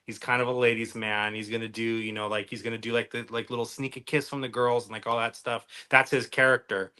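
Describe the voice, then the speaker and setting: Bright-voiced man rambling casually. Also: mid-range voice, flat delivery, quick pace, smooth. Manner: rambling, filler-heavy, trails off into mumbles. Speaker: magician podcast co-host. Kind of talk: casual chat.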